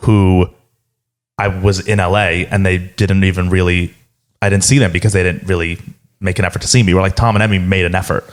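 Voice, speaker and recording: A man's voice: low-pitched, flat delivery, a little fast. A young man co-hosting a podcast in casual chat, rambling and saying "like" often. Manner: rambling, uses "like" a lot. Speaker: podcast co-host.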